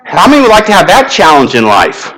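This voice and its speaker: Lively, bright-voiced male speaker. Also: high-pitched, a little fast, low-quality recording. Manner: animated storytelling, leads call-and-response. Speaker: guest motivational speaker. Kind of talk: inspirational talk to a congregation. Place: spiritual center sanctuary.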